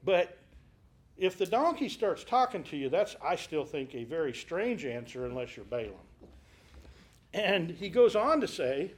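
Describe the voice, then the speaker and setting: A man teaching a Bible study class. He retells scripture in a conversational, storytelling way, asks rhetorical questions, and gives the quoted dialogue lively voices. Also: a little high, a little slow.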